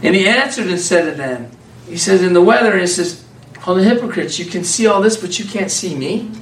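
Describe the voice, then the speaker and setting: A man preaching an informal, conversational sermon, animated and laughing often as a small group answers him. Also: high voice, fairly quick, a little hiss or hum. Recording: echoey room from far off.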